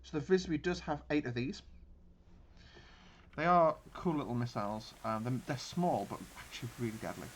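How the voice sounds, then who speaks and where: A man's voice: medium pitch, moderate pace. A man giving casual gameplay commentary on a naval battle game, thinking aloud with frequent restarts. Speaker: gaming channel host.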